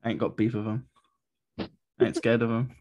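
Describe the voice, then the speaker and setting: A man's voice: mid-range voice, level tone, normal speed, a little mellow, dry recording, muffled recording. A man with a Yorkshire accent co-hosting a podcast, chatting casually and dropping dry, teasing asides. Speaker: podcast co-host. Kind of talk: casual chat.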